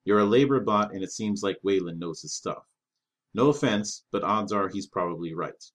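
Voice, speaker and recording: A man's voice: deep voice, moderate pace. A man doing a weary wounded warrior. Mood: resigned. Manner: dry, resigned, world-weary.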